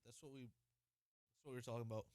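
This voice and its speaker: A man co-hosting a podcast in casual chat, blunt and slangy with quick reactions. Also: mid-range voice, fairly even intonation, a little mellow, a little hiss or hum. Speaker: podcast co-host.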